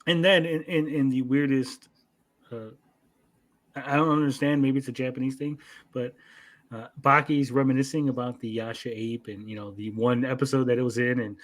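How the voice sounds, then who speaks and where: Animated man retelling an anime. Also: mid-range voice, moderate pace. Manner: animated retelling with acted-out quotes and swearing. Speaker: anime review podcast co-host. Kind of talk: casual chat.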